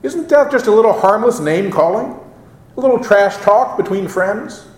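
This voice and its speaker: A male pastor delivering a sermon, measured and expressive, drawing out the quoted lines for emphasis. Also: sits high. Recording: roomy echo.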